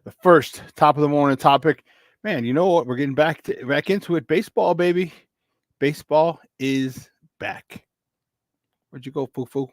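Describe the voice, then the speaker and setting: A man's voice: fairly high pitch, moderate pace, no room sound. A young man hosting a casual morning sports talk show, rambling loosely and slipping into Spanish phrases.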